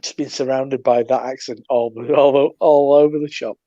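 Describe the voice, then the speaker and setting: A man's voice: mid-range voice, steady tone, moderate pace, mellow, dry recording, muffled recording. A man in casual, joking chat on a beer show, often restarting his sentences. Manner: jokey, stammering restarts.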